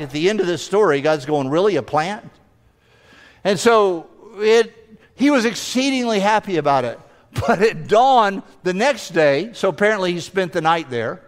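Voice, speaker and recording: A male pastor preaching a sermon with lively, humorous storytelling. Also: a little high, in a large hall.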